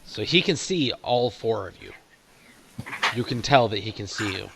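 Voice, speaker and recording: A man running a tabletop game as game master, narrating casually and haltingly. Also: lowish voice, lively intonation, gravelly, fairly bright tone, a little hiss or hum.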